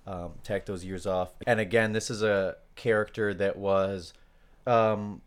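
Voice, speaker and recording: A man co-hosting a podcast, talking casually with many pauses and fillers as he works through his notes. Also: lowish voice, fairly even intonation, smooth. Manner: hesitant, many fillers, loses his place. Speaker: podcast co-host.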